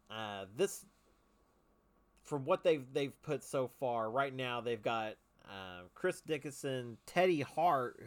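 A male podcast host in loose, casual conversation. He rambles along with eager enthusiasm and plenty of slang, in a voice of ordinary middle pitch.

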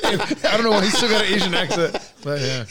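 A man's voice: high voice, animated, a little fast, a loud crowd. A young man in casual chat, telling stories in a laid-back way and swearing casually.

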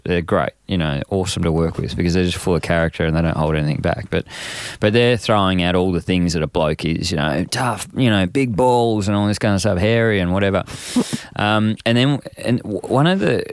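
A deep-voiced man talking casually in an interview. His voice is smooth and resonant. The sound is dry and close. He rambles with plenty of "you know"s and restarts, and perks up when he acts out quotes. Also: dry recording. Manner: rambling, many fillers and restarts, animated when quoting others. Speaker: guest, men's program founder.

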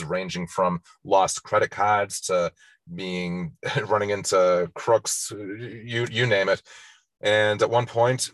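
A man's voice: low-pitched, no room sound. A man hosting a casual movie countdown, talking wryly and sarcastically with frequent laughs. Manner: wry, sarcastic, laughs often. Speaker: host.

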